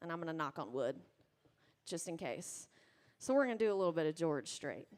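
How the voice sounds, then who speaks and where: A woman's voice: low-pitched, very animated. Chatty Southern woman on a bar stage. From Mississippi. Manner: chatty, self-deprecating, quick asides. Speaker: singer-songwriter performing live. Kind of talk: talking to a bar crowd between songs. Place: live music bar stage. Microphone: stage vocal mic.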